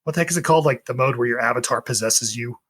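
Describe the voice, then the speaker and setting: A podcast co-host in casual chat, relaxed and a bit hesitant, with many fillers. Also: medium pitch, very fast, a crowd in the background.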